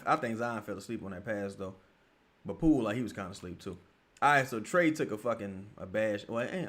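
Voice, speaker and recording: A man giving live, profane watch-along commentary on a basketball game, breaking into yells at the referees. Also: medium pitch. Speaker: sports streamer.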